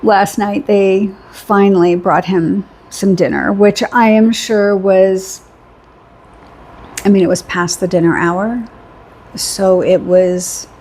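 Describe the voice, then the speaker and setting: A woman's voice: mid-range voice, a little mellow, a little hiss or hum. A middle-aged woman telling a rambling story in a casual vlog, chatty, laughing often and repeating phrases for emphasis. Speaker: vlogger.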